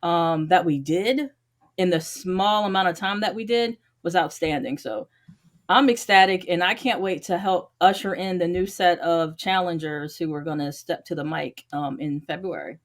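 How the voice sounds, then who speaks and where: A woman's voice: fairly low pitch, moderate pace. A woman in a casual podcast chat, speaking in an upbeat, reflective way with some fillers. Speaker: podcaster, challenge participant.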